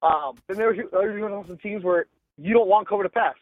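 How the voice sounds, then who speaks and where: A male sports reporter telling stories in a casual interview, animated and full of "like" and "bro", acting out quotes. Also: sits high, moderate pace, no room sound, narrow, tinny audio. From Los Angeles. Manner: animated, acts out quotes, says "like" and "bro" often.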